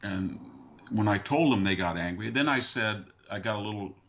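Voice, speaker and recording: A man being interviewed as a historian, telling dry, wry anecdotes with a deadpan punchline. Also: fairly low pitch, normal speed, lo-fi sound. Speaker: guest historian. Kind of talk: conversational storytelling. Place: rural farm valley region.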